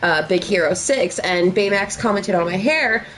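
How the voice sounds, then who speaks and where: A young woman co-hosting a podcast, telling stories in an excitable, laughing way, with phlegm in her throat. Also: mid-range voice. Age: young adult. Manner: excitable, laughing, quick storytelling. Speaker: podcast co-host. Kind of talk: casual chat.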